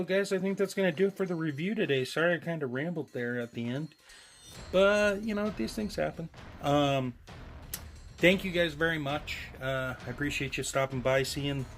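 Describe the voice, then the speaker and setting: A man's voice: fairly high pitch, normal speed, faint music behind. A man giving a casual, rambling review of an action figure to his viewers, with frequent ums and self-deprecating asides. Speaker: toy reviewer.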